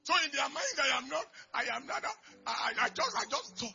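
A man preaching a sermon, moving from quiet storytelling to loud shouted declarations. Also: very high voice, sing-song, fairly quick, creaky. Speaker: pastor. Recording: dull lo-fi recording with faint music.

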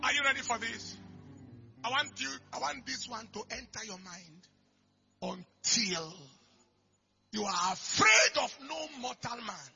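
A man preaching a sermon, moving from quiet storytelling to loud shouted declarations. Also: sits high, gravelly, breathy edge. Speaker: pastor. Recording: dull lo-fi recording with faint music.

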